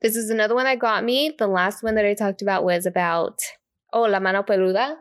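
A woman's voice: mid-range voice, fairly even intonation, fairly quick, no room sound, studio quality. A woman co-hosting a podcast in casual chat, giggly and chatty, laughing often as she talks. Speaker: podcast co-host.

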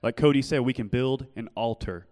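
A man's voice: medium pitch, brisk. Earnest male preacher in a reverberant hall. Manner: earnest, shifts from loud storytelling to soft pleading. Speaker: pastor. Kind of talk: sermon with personal testimony. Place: church hall.

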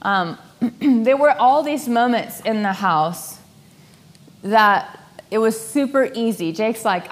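Animated young woman telling a story. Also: a little high, slow. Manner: animated, laughing, acts out quoted voices. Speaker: speaker sharing a personal story. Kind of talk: storytelling talk.

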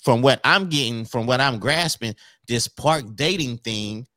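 A man's voice: medium pitch, lively intonation, a little slow, pushed and bright, no echo, clean studio sound. A married man co-hosting a casual podcast chat, telling laid-back stories with slang. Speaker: podcast co-host.

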